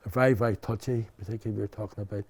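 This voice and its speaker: An older Belfast man, speaking with a Belfast accent, tells his story as an interview guest, candid and rambling, often restarting and saying "you know." His fairly low, darkish voice comes out rapid-fire with fairly even intonation and a breathy edge.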